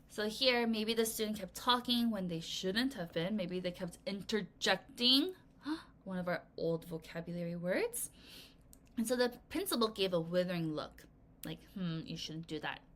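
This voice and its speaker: A woman with a medium-pitched voice and measured pace teaches children a recorded vocabulary lesson. She explains the words playfully and expressively, then counts the class in to read aloud.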